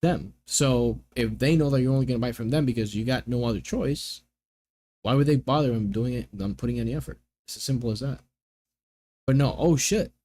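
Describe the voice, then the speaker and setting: A man's voice: medium pitch, fairly quick, dark tone. A young man in casual chat as a gaming streamer, rambling through exasperated rants full of filler words.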